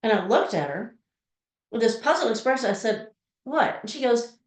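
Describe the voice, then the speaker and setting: A woman's voice: fairly high pitch, lively intonation, normal speed. A woman giving a motivational talk as a personal story, speaking expressively and acting out the voices she quotes. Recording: roomy echo.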